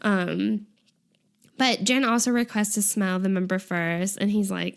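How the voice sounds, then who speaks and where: A young woman in a relaxed co-hosted chat, walking through scenes from a variety show. She talks in a loose, chatty way, dropping fillers and laughing at the funny parts. Her voice sits at an ordinary middle pitch. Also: unhurried, vocal fry. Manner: chatty, giggly, lots of "like" fillers. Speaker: podcast co-host.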